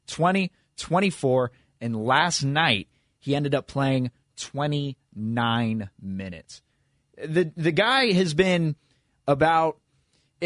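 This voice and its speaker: A man co-hosting a sports radio show in a loose, rambling way, with many stops and restarts as he works through his point. His voice sits at an ordinary pitch. The sound is dry and close to the mic. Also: fairly bright tone, no echo. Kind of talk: casual sports radio chat.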